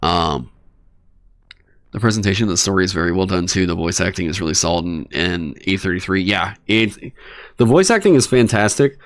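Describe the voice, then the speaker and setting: A man hosting a livestream, talking casually and swearing in exasperated, animated rants. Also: deep voice, fairly quick. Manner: animated, profane ranting with exasperated asides. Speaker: streamer hosting a dungeon design stream.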